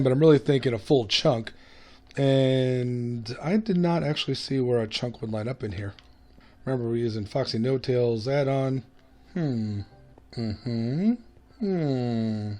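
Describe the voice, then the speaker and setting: A man with a medium-pitched, somewhat dark voice hosts a gaming video, giving casual commentary on the gameplay. He's chatty and self-mocking, humming and laughing to himself.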